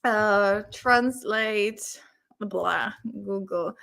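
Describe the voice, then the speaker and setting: A woman's voice: mid-range voice, drawn-out words, gravelly, a bit bright. A young woman with a Czech accent, a native Czech speaker, hosting a casual chat and often breaking into giggles. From Czech Republic. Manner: giggly, chatty, lots of fillers. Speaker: host.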